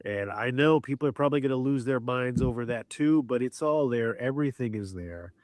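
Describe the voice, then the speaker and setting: A man casually and excitedly recapping a documentary on a podcast, often quoting the people in it. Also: mid-range voice, brisk, no echo. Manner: excited retelling, quotes people. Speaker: podcast co-host.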